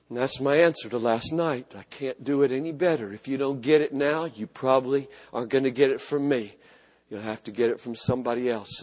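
A man preaching a sermon with passion, swinging from loud emphatic repetitions to hushed, low phrases. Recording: long hall reverb.

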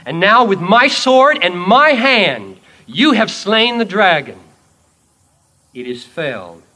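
A man preaching, voicing Jesus as a calm, commanding king in a solemn, measured way. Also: high-pitched, pitched above the performer's own voice, full character voice.

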